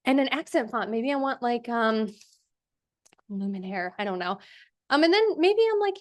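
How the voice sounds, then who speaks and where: A young woman hosts a live workshop, demonstrating a design tool via casual screen-share in a chatty, enthusiastic way full of fillers. Her voice is on the high side with lively intonation and normal speed, and she pauses often.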